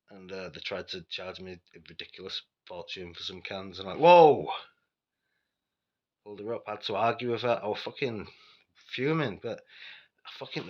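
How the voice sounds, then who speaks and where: A man with a Yorkshire accent rambles through a casual story, blunt and sweary. His voice sits low, and the recording sounds dull and lo-fi. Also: fairly bright tone. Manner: rambling, sweary and blunt, with frequent asides to the listener. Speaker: vlogger telling personal stories.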